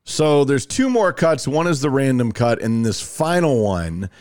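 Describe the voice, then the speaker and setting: A man hosts a casual sports talk podcast, and his pitch swings widely as he tells stories in an animated, self-mocking way. His voice sounds close and dry, with no room around it. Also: a little slow, no echo. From Alabama, US. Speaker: podcast host.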